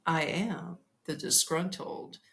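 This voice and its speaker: A woman hosting a podcast, telling a comic travel story in an animated, profane way and laughing as she goes. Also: on the low side, takes it slowly, gravelly. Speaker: podcast host.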